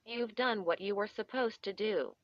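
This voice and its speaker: A woman's voice: medium pitch, moderate pace, no echo, highs cut off, lightly acted. A woman voicing a menacing, teasing young woman who talks in a sly, taunting way.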